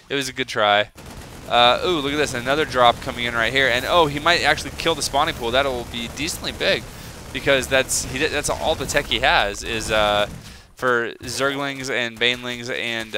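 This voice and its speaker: An excitable young man talks his way through a strategy game match in a loose, rambling commentary full of ums and asides. His voice is bright and forward, with a faint hiss of noise under it. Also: mid-range voice. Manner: chatty, excitable, rambling with many fillers. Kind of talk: casual solo video game commentary.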